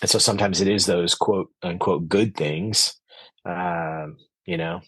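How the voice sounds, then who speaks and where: A man's voice: low-pitched, fairly even intonation, a little slow, a bit bright, slightly rough, no room sound. A man speaking as a podcast guest, earnest and reflective, with frequent fillers and restarts. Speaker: podcast guest, orchard owner. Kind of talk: conversational interview.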